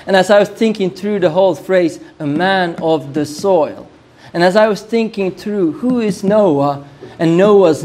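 A man's voice: high voice, darkish tone. A man teaching on a Bible passage in a sermon style, musing aloud and repeating phrases as he works through the text. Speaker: preacher.

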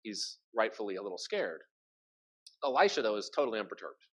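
Lively casual preacher, storyteller who acts out the characters, very expressive pitch. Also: fairly quick, low-quality recording. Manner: animated, chatty, acts out the characters. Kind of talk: sermon, casual Bible storytelling.

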